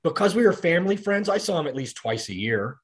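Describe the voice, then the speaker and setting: A man's voice: a little high, very animated, fast, slightly rough. A middle-aged man, a podcast guest, talking casually and rambling through his stories with frequent restarts and fillers. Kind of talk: casual conversational storytelling.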